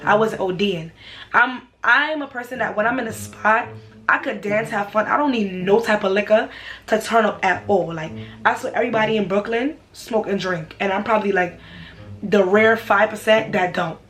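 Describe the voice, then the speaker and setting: A young woman, telling a personal story for her vlog in an animated, slangy way. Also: medium pitch, normal speed. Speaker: vlogger.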